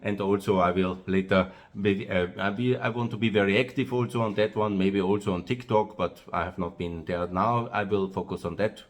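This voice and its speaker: A man with an Austrian-accented English voice that sits a little low. He talks in an unscripted, rambling way, pausing on "uh" and circling back to repeat himself. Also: fairly even intonation. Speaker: host of his own video channel. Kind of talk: monologue to camera.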